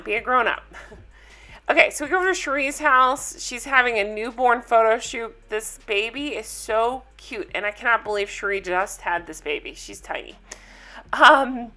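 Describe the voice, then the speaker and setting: Woman vlogger, bright tone, slightly high voice, chatty and opinionated recap. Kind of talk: casual recap chat.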